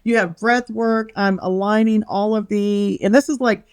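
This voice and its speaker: A woman's voice: medium pitch, steady tone, moderate pace, a little mellow, smooth, no room sound, studio quality. A middle-aged woman on a podcast, a bubbly storyteller who acts out quotes and laughs often. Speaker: podcast guest, wellness author. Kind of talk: casual interview chat.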